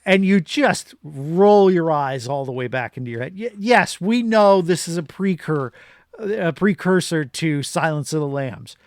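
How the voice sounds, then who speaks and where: A man's voice: on the high side, unhurried, no echo, clean studio sound. A man co-hosting a podcast, giving an opinionated, rambling movie review in casual chat. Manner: rambling, opinionated, animated rants. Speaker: podcast co-host.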